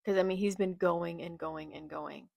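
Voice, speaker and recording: Young woman, low gravelly voice, dry close sound; emotional live reading reaction, quiet murmurs to anguished outbursts. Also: fairly even intonation, normal speed, no echo. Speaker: manga reaction creator.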